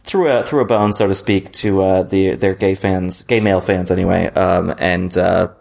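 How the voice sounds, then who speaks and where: Man, low pitch, hesitant, casual podcast chat. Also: steady tone, moderate pace, gravelly, a little mellow. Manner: hesitant, many ums and restarts. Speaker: podcast co-host.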